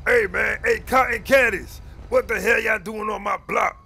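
Sex: man. Style: gaming roleplay as a rival gang leader, loud and roasting. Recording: faint music behind the voice. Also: sits high, fairly even intonation, moderate pace, creaky, slightly rough.

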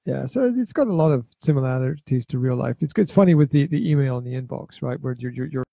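Man, middle-aged, gravelly, husky, rambling casual chat, repeats himself. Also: medium pitch, lively intonation, fast, warm tone, no echo. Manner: rambling, repeats words, hesitant fillers. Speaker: podcast co-host, father. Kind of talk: casual chat reviewing a VR game.

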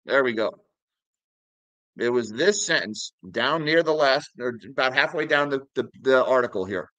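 A man's voice: medium pitch, moderate pace, a bit bright, dry recording, rough recording. A man hosting a finance video, casually talking viewers through charts and news articles and calling them guys. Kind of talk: casual market commentary.

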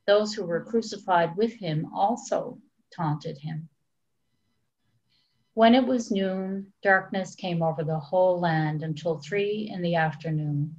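A woman church leader reads scripture aloud in a measured, solemn manner. Her voice sits somewhat low. The recording is dull and lo-fi. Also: a little mellow. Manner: measured, deliberate reading.

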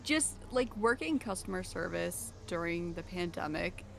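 A woman's voice: fairly low pitch, lively intonation, unhurried, vocal fry, a crowd in the background. A woman chatting casually with friends while gaming, blunt and giggly. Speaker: guest player.

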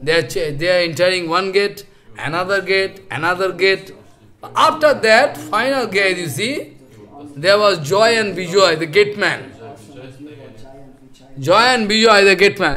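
A man teaching a scripture class, retelling a story in halting, repetitive, non-native English. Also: high-pitched, animated, sharp tone. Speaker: scripture lecturer.

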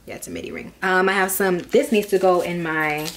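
Chatty young woman vlogger, low voice. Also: fairly even intonation, a little fast. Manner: chatty and rambling, lots of fillers. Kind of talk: casual chat.

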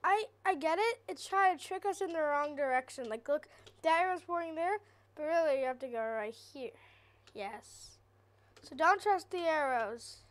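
A woman's voice: high voice, animated, normal speed. A woman hosting a gaming channel, giving nervous, chatty let's-play commentary on a horror game and talking to her viewers.

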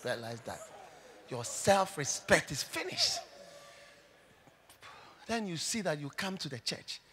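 A male pastor with a Ghanaian English accent preaching a sermon to a church congregation. He swings dramatically between hushed tones and shouts. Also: a little high, wildly swooping pitch, unhurried, a little hiss or hum. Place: church service hall.

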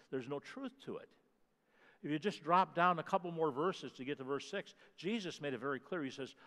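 Man, pastor, sermon, emphatic, repeats phrases, middle pitch, long church-hall reverb. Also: a bit bright. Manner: emphatic, repeats key phrases, stresses single words. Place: church sanctuary.

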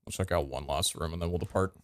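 A man giving casual gameplay commentary, excitable and swearing, with sudden loud outbursts and a voice that cracks. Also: low voice, quick pace, dry recording. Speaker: gaming streamer.

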